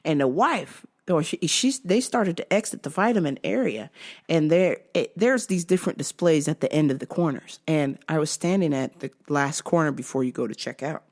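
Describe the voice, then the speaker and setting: A woman's voice: deep voice, animated, moderate pace, a little mellow. A woman vlogger telling a work story in a casual, profane, sarcastic way.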